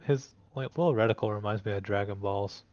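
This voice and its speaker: A man's voice: lowish voice, fairly quick, muffled recording. A man from Scotland chatting casually and teasing while playing a game with a friend. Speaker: co-player. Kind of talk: casual gaming chat.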